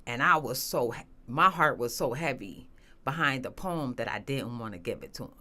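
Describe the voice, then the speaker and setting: Woman giving a halting, earnest testimony. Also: a bass voice, animated, bright, forceful tone. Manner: earnest, halting, many restarts and fillers. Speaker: guest. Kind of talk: emotional personal testimony.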